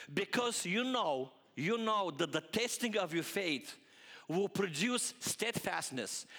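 A male pastor preaching a sermon, animated and full of rhetorical questions aimed at the congregation. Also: high-pitched, long reverb tail.

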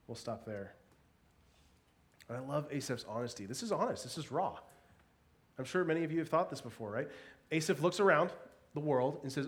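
A man's voice: fairly high pitch, expressive, normal speed, pauses often. A man preaching a sermon in a church, earnest and emphatic, swelling and dropping his voice for emphasis. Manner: earnest, varies pace and volume for emphasis. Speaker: pastor.

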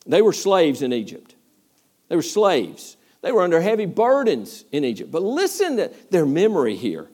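A man's voice: on the high side, moderate pace. A man teaching a verse-by-verse Bible study as a pastor, preaching with energy, acting out voices and questioning his listeners. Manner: animated preaching, acts out complaining voices, asks the listeners questions.

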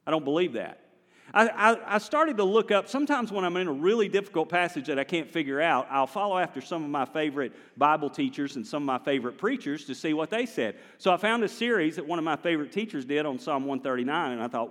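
Guy preaching a sermon, chatty and animated, big echoey church sound. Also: on the high side, fast. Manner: animated, conversational preaching with the congregation. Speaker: pastor. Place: large church sanctuary.

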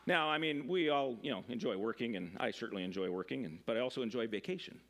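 A man's voice: medium pitch, animated, quick pace. A middle-aged man, a pastor, giving a conversational sermon, full of fillers, restarts and asides to the congregation.

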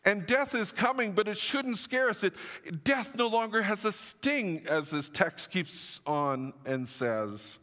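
A middle-aged man preaches to his congregation in a slightly high voice. He is earnest and rises to emphatic, declaring lines. His words ring out through the long reverb of a church hall. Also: expressive, slow, bright, forceful tone. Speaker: pastor. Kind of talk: sermon.

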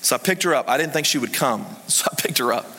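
A man preaching a sermon, telling a story in an animated way that swings between hushed and excited. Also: medium pitch, quick pace, a little hiss or hum. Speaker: pastor. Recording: reverberant hall.

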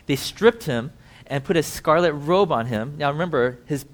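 A man preaching a sermon who tells the story vividly, swings between emphatic and hushed, and talks directly to his listeners. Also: a little high, lively intonation, normal speed. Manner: conversational asides to listeners.

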